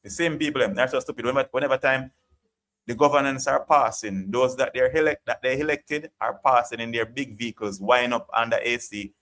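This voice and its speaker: A man's voice: medium pitch, a little fast, fairly bright tone. A man from Jamaica with a Jamaican accent, hosting a live chat stream and ranting passionately, often repeating himself. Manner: passionate, ranting, repeats "you get what I'm saying". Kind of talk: opinionated live chat monologue.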